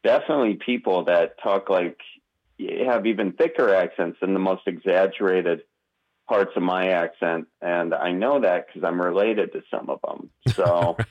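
During a laid-back interview, a low-pitched comedian guest with a Wisconsin accent speaks hesitantly, restarting often and using plenty of fillers. The audio sounds dull.

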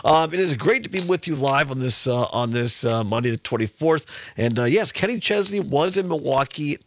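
A male radio talk show host speaking slowly and carefully, his mouth still numb from dental anesthetic, with self-deprecating humor. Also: fairly high pitch, lively intonation, dry recording. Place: radio studio. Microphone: studio microphone.

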